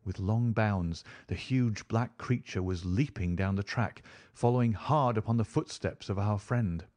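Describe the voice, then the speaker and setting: A man reading an audiobook aloud in a steady, dramatic storytelling manner. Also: lowish voice, measured pace. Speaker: audiobook narrator. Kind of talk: scripted narration.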